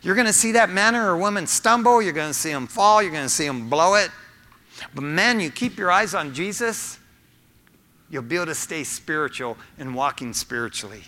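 A middle-aged man preaches with a bright, forceful voice pitched a little high. He talks to the congregation earnestly and conversationally, dropping in personal asides. His words ring out with a long reverb, as in a church sanctuary. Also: expressive, moderate pace. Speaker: pastor. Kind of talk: sermon.

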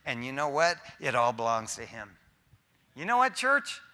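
A middle-aged male pastor preaching a sermon, swinging between loud, emphatic calls and quiet, low asides. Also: very animated, normal speed.

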